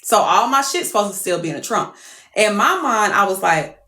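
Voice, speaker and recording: A woman's voice: medium pitch, lively intonation, moderate pace, bright, forceful tone, roomy sound. A woman telling a story casually to her viewers, profane and exclamatory.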